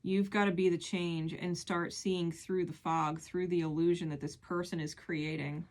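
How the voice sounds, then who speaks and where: A woman's voice: fairly low pitch, level tone, moderate pace, darkish tone. A woman giving an earnest, emphatic tarot reading who repeats key phrases as she pulls cards. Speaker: tarot reader.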